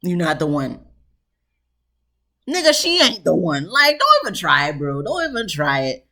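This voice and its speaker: Woman, casual show review, lively swooping pitch, lots of fillers. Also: moderate pace. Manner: chatty, animated, lots of "you know" fillers.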